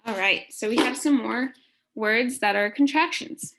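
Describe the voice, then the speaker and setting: A woman teacher leads a phonics lesson for children. She speaks slowly, with a slightly high voice, and over-articulates each word and sound so little ones can follow. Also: a bit bright.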